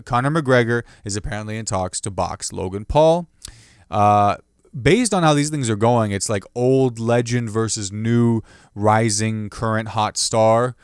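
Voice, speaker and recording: A man's voice: fairly low pitch, clear, resonant tone, no room sound, studio quality. Loose-riffing male comedian podcast host. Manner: loose, riffing, jokey asides with playful put-on quotes. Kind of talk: solo comedic news riff.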